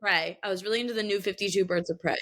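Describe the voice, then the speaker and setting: A woman's voice: mid-range voice, racing, fairly bright tone. A woman in her twenties chatting animatedly as a podcast guest, full of fillers and laughter. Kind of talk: casual chat.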